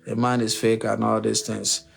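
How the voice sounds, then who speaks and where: A man's voice: fairly low pitch, completely flat delivery, moderate pace, gravelly, a little hiss or hum. Preachy man lecturing his livestream audience. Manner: preachy, repetitive, uses rhetorical questions; addresses listeners directly and emphatically. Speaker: livestream relationship advice host. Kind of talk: unscripted livestream monologue.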